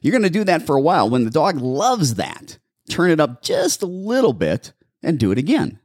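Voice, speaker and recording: A man hosting a pet-advice show as a dog behaviorist, giving animated, step-by-step training instructions in casual chat. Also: fairly high pitch, normal speed, dry recording, clean studio sound. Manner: animated, instructive, repeats steps. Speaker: dog behaviorist, podcast host.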